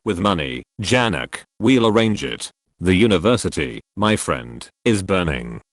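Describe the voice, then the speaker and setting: A man's voice: deep voice, sing-song, measured pace, no echo, studio quality, exaggerated voice. A man voicing an intense young male revolutionary who speaks curtly and decisively.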